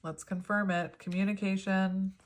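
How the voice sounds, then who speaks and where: A woman in her thirties giving a pick-a-card tarot reading at home, talking gently and rambling with fillers. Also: mid-range voice, flat delivery, moderate pace. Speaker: tarot reader.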